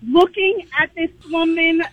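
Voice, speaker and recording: High-voiced woman on a tinny phone line. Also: a little slow, dry recording. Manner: animated storyteller. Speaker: caller. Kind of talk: storytelling on a phone call.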